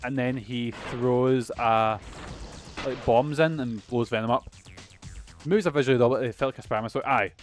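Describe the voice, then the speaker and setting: A young man streaming a video game, chatting casually, rambling, swearing and losing his train of thought, with soft music underneath. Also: mid-range voice, normal speed. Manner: rambling, swears often, trails off mid-thought. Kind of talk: casual let's-play commentary.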